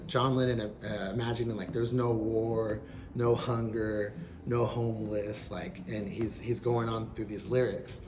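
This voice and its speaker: A man's voice: mid-range voice, background noise. A man hosting a mindfulness session, telling stories in a loose, rambling way with lots of "you know" and "like.". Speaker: meditation session host. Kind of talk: casual storytelling and reflection. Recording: roomy echo, faint background ambience.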